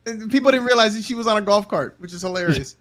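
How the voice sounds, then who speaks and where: Male co-host, casual chat, teasing tone, higher-pitched. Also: lively intonation, fast, a bit bright. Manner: teasing, wry asides.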